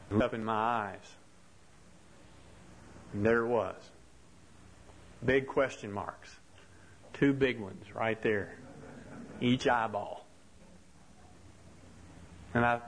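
A man's voice: mid-range voice, fairly bright tone, a little hiss or hum, low-quality recording. A man preaching a sermon, telling a story earnestly and building to impassioned rhetorical questions. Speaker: pastor.

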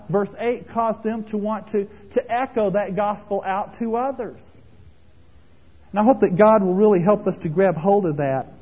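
Husky guy preaching, high-ish voice, long echo like a big church hall. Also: dark tone. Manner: earnest, explanatory preaching with repeated restarts and rhetorical questions. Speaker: pastor. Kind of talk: sermon.

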